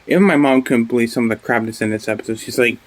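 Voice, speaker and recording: A man talks through a show in a casual vlog, swearing freely and tripping over his own sentences. He gets emotional and animated as he goes, with a voice of ordinary pitch. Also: rapid-fire. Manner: rambling, profane, with many restarts. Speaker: TV show reviewer.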